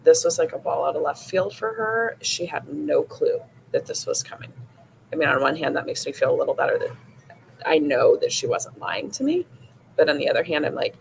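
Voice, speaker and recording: A woman with a low, animated voice and vocal fry hosts a podcast, speaking a little fast on a rough recording with a little hiss or hum. She casually retells a personal story, packed with "like" and "you know," her emotion rising as she goes.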